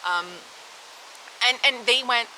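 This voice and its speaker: A young woman vlogger telling her own stories in a frank, animated way, swearing and laughing as she goes. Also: on the high side, takes it slowly, background noise. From Canada. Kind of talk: casual storytelling to camera.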